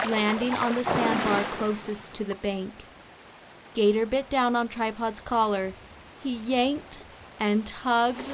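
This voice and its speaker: Woman reading a children's audiobook; slow, clear, fairly high, steady background hiss. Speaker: audiobook narrator. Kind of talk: scripted children's story narration.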